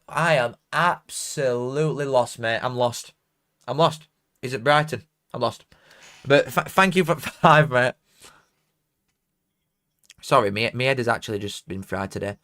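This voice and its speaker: A man's voice: medium pitch, a bit bright. A young man with a Barnsley accent chatting casually on a live football watchalong, rambling and self-mocking while reading out donations. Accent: Barnsley, South Yorkshire. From South Yorkshire, England. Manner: rambling, self-mocking, broad dialect grammar.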